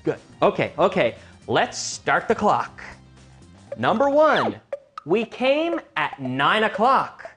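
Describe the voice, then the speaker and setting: A man hosting a quiz show and teaching English, energetic and teacherly, stressing intonation. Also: sits high, slow, faint music behind.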